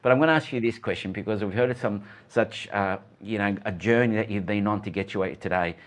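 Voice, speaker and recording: A man hosts a live interview with a fairly low voice. He asks long, meandering questions and often restarts his sentences. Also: fast. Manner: rambling, many restarts and fillers. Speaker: host, interviewer.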